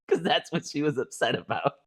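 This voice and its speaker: A woman co-hosting a podcast in casual chat, telling a story with lots of swearing and acting out the quotes as she goes. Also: low-pitched. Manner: animated storyteller who swears freely and acts out quotes. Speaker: podcast co-host.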